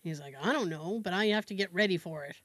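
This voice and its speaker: A woman co-hosting a podcast, telling a family story in casual chat, animated and acting out her relatives' voices with frequent laughs. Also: lowish voice, fast talker, no echo. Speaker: podcast co-host.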